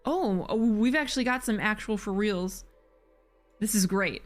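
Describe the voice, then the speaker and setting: A woman's voice: mid-range voice, a little slow. Chatty woman streamer over faint music. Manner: chatty and animated, swears casually. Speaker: game streamer. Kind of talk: casual let's-play commentary.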